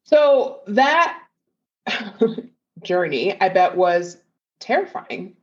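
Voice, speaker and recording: A woman hosting a podcast interview, encouraging her guest and quick to laugh. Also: medium pitch, animated. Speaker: podcast host. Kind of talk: casual interview chat. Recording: dull lo-fi sound.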